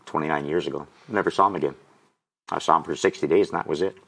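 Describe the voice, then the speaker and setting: A man's voice: rumbling low, quick pace, creaky, fairly bright tone, husky. A man in his sixties, an auctioneer and guest, telling his personal testimony and getting choked up with emotion. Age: 60s.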